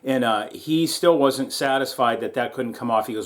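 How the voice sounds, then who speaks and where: A man's voice: medium pitch, expressive, moderate pace, few pauses. A middle-aged man hosting a welding vlog, talking casually and laughing often as he calls his viewers guys. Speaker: YouTube welding channel host. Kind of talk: casual how-to vlog and storytelling. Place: partly outdoors in strong wind.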